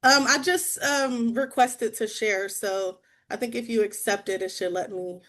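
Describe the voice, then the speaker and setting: A woman's voice: a little high, steady tone, measured pace, fairly bright tone. A woman guest speaker giving a bubbly, chatty sales-training talk over a video call.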